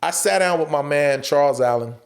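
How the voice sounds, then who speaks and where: A man, an actor and stand-up comedian, telling stories as a guest in a casual interview, animated and profane, often acting out other people's voices. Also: a little high, brisk, gravelly.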